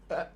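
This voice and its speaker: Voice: medium pitch, a bit bright. A stream host commentating a tabletop wargame live, laughing constantly and swearing in disbelief at the dice rolls.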